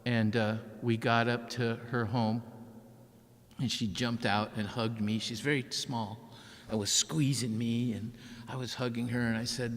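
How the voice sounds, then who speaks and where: A male author gives a keynote talk from a large church, his mid-pitched voice carried by a long reverb. He tells the story vividly and acts out the voices of the people in it. The sound is open and spacious. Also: flat delivery, measured pace. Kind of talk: storytelling speech.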